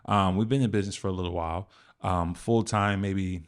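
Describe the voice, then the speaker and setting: Brief: male podcast host, very low voice, loose easygoing delivery, filler words. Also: fairly quick. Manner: relaxed, rambling, frequent fillers. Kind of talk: casual podcast chat.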